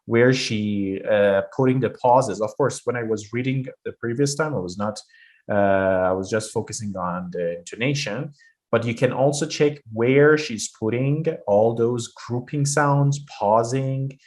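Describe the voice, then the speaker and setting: A man's voice: medium pitch, unhurried, a little mellow. A man teaching a pronunciation lesson, explaining step by step with frequent hesitations. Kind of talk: online lesson.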